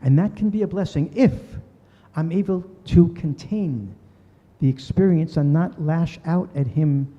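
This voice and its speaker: A man's voice: a little high, a little slow. An older man giving a talk, telling a story earnestly and voicing the people in it. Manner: earnest, voices quoted people. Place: synagogue hall. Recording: dull recording in a reverberant hall.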